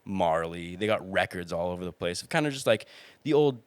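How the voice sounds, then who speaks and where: A man's voice: sits low, animated, fairly quick, clear, resonant tone, no room sound. A young man on a podcast telling a story in casual chat, rambling with restarts and acting out what people said. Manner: rambling, restarts, acts out quotes.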